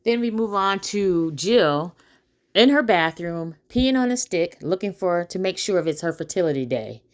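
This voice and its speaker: A woman's voice: on the low side, lively intonation, normal speed. A woman casually recapping a TV episode, chatty, with many fillers and asides to her viewers.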